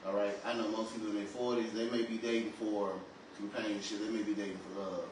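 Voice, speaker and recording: A man's voice: on the low side, little pitch movement, fast. A man co-hosting a podcast, speaking in a casual, colloquial and reflective way. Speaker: podcast co-host. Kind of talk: casual chat. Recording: echoey room, far from mic, noisy.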